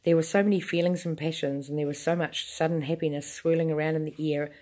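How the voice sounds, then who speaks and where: A woman reads a children's chapter book aloud to a child, unhurried and expressive. Her voice sits very low for a woman. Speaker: storyteller reading to a child.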